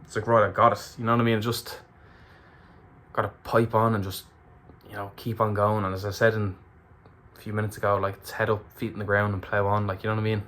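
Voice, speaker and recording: A man's voice: fairly low pitch, flat delivery, brisk, a bit bright. An Irish man recapping a race to camera in a candid, emotional way, swearing freely. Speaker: ultramarathon runner vlogger.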